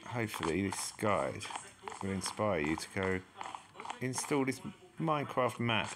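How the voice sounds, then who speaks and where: A man's voice: on the low side, lively intonation, unhurried, noisy background. A man giving casual, chatty commentary as he explores a game map and exclaims at each new discovery. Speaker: gaming channel host. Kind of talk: casual let's-play commentary.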